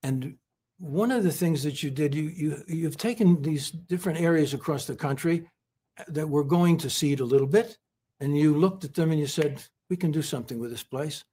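Male interview guest from California: husky, earnest, stumbles and repeats himself. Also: fairly high pitch, mellow. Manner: halting, repeats words, many fillers. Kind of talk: heartfelt conversational praise.

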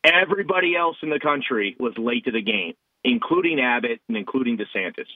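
A man's voice: mid-range voice, lively intonation, fairly quick, no room sound. Emphatic man on a tinny line. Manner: emphatic, rambling storyteller. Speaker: podcast co-host. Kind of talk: casual political talk. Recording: tinny phone-like dry audio.

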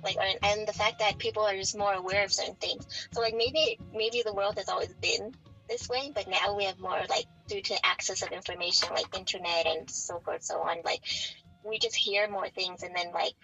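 A woman's voice: medium pitch, fairly even intonation, moderate pace, creaky, sharp tone, dull audio. A woman co-hosting a podcast in casual chat, playful and laughing often, with music playing behind. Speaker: podcast co-host.

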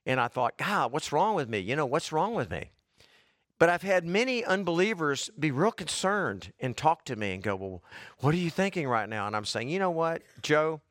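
A man's voice: a little high, big pitch swings, moderate pace, fairly bright tone, no room sound, clean studio sound. A man preaching a sermon, folksy and conversational, building to emphatic repeated lines, his voice a little worn and short of breath. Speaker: pastor.

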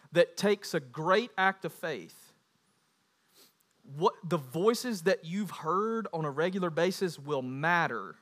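Animated high-voiced male preacher. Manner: animated preaching, rising to loud emphatic bursts. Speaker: pastor. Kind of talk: sermon.

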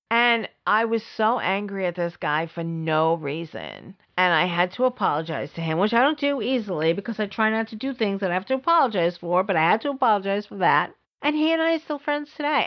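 Middle-aged woman podcast host, emphatic storytelling, repeats herself for stress, kinda dull lo-fi sound. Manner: emphatic, repeats words for stress, swings high and low. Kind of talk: personal storytelling monologue. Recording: slightly dull lo-fi audio.

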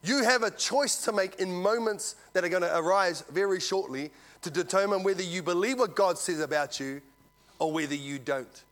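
A man preaching a sermon, telling a story and swinging from loud to hushed. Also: high voice, normal speed. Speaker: visiting preacher.

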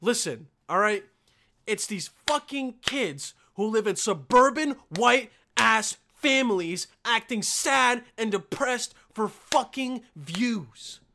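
A man hosting a reaction video, delivering a profane, exasperated comedic rant that keeps jumping into yelling. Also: sits high, lively intonation, takes it slowly, vocal fry. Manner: foul-mouthed, exasperated, swings into yelling.

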